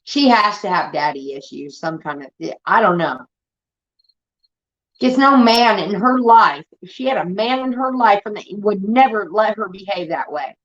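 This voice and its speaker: A woman's voice: mid-range voice, expressive, moderate pace, fairly bright tone. Woman from Indiana, livestream host, heated profane rant, dull lo-fi audio.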